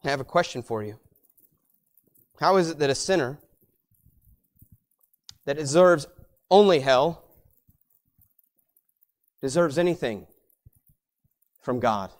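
Preaching slowly and pausing often, this male pastor moves between booming, emphatic highs and hushed, low-voiced asides. Repetition of words helps him build each point.

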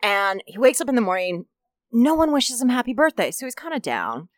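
A woman's voice: a little high, a little fast, dry recording. A woman co-hosting a podcast, telling a funny story in casual chat and acting out the characters as she narrates. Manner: animated narrator, acts out voices in her jokes. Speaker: podcast co-host.

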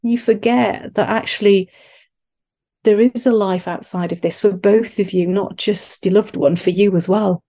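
A woman's voice: medium pitch, steady tone, unhurried, dark tone. A middle-aged woman from Wales, a podcast guest telling earnest, self-deprecating stories about her family. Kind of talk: podcast interview, personal story.

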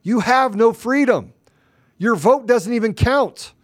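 A man's voice: very high-pitched, expressive, slow pace, no room sound, studio quality. A man hosting a political talk show, delivering fervent, ranting commentary full of rhetorical questions.

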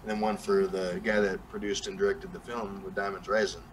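A man's voice: low-pitched, level tone, fairly quick, a little hiss or hum, low-quality recording. A young man with a Southern accent, chatting casually as a podcast guest and rambling with lots of fillers and restarts. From New Mexico. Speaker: guest rapper.

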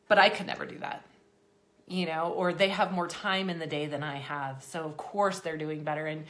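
A young woman hosts a casual motivational talk, her voice sitting a little low. She is slightly out of breath and rambles along, filling gaps with "you know". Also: a bit bright. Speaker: host of an exercise program for people with MS.

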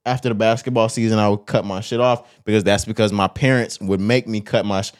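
A man co-hosting a podcast, talking casually in a blunt, profane, animated storytelling manner. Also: on the low side, brisk. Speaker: podcast co-host. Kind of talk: casual chat.

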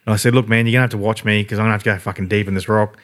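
A man's voice: lowish voice, fairly even intonation, racing, fairly bright tone. A man with an Australian accent telling rambling stories in a casual podcast chat, swearing constantly.

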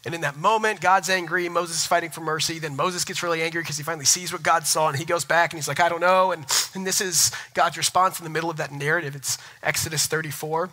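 Bright-voiced emphatic male pastor. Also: on the high side, steady tone, fast, hardly any pauses, low-quality recording. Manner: emphatic, repeats words for stress. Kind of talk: sermon.

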